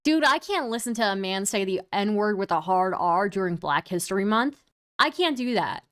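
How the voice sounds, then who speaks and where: A woman's voice: medium pitch, expressive, normal speed, fairly bright tone, clean tone. A young woman streaming, reacting to clips in casual commentary, sarcastic and exasperated, swearing freely.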